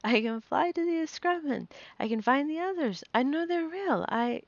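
A woman's voice: high voice, animated, normal speed, dry recording, pitched above the performer's own voice. A woman doing a thrilled young dragon girl. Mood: exhilarated. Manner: breathless and exclaiming. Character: excited ten-year-old dragon-shifter girl. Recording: dull lo-fi recording.

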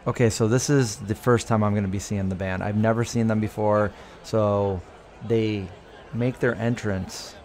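A man vlogging casually on the go, excitedly pointing things out to his camera as he moves through a city. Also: fairly low pitch, moderate pace. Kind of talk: casual travel vlog narration. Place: out and about in a city, hotel, garage, arena. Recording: noisy on-the-go camera audio.

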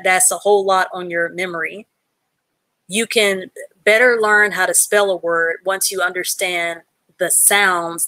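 A woman's voice: mid-range voice, sharp tone, no room sound. A woman teaching an adult reading class live online, patiently sounding out letters and words and praising learners from the chat.

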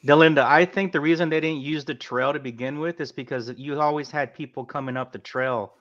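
A man's voice: a little high, steady tone, brisk, a bit bright. A man on a casual podcast panel, eager and talking over others while correcting himself. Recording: slightly dull lo-fi audio.

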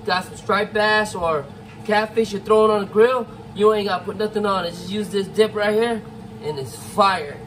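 Easygoing high-voiced man cooking outdoors. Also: slight background noise. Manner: relaxed, savoring food with drawn-out mms. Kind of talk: casual cooking vlog talk. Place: outdoors at a campsite.

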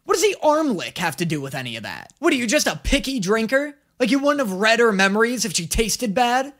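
A male reaction host riffing on an anime with incredulous jokes. His pitch moves around a lot and his delivery is casual. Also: brisk. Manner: animated, joking, incredulous.

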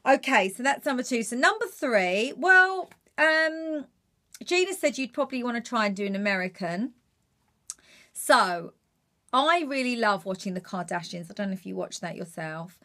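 A Geordie woman talks through her impression techniques in a bright, lively voice. She is chatty and encouraging, like a friendly coach. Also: a little high, moderate pace. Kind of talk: impressions tutorial.

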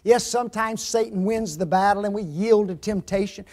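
A man preaching a sermon with emphasis, asking his listeners rhetorical questions and swinging between loud, rising stress and low, quiet drops. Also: moderate pace, few pauses.

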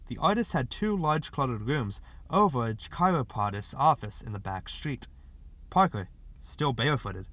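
Brief: male audiobook narrator, mid-pitched, steady and expressive, dry close-miked sound. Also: dry recording. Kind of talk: literary audiobook reading.

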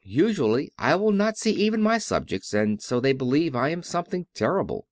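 A man's voice: fairly high pitch, big pitch swings, a little fast, dry recording, clean studio sound. A man doing a meek trembling little old humbug. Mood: confiding. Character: timid little old man, a fake wizard, meek and pleading.

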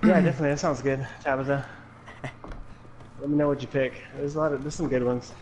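A man playing a co-op game as a guest, animated and giggly with quick reactions. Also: mid-range voice, a little hiss or hum. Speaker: guest co-op player. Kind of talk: casual co-op gameplay chat.

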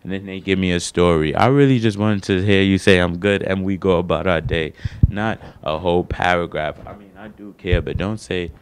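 A man's voice: deep voice, brisk, clean tone. A young man doing his first stand-up set on a small studio stage, rambling and slangy, poking fun at himself. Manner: slangy, rambling, self-deprecating. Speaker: stand-up comedian.

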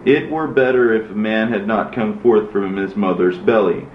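A sorrowful male prophet pleads for mercy in a low, steady voice, as a man reads the part. The recording is dull and lo-fi, with a roomy echo. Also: moderate pace, slight background noise, lightly acted. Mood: pleading.

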